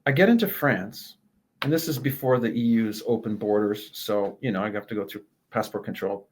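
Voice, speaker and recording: A man, a guest telling a lively travel story in a casual interview, laughing and swearing as he goes. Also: lowish voice, normal speed. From Canada.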